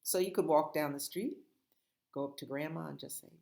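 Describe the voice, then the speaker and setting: A middle-aged woman, a children's librarian, reading picture books aloud and chatting gently and playfully with small children. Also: sits low, normal speed, gravelly.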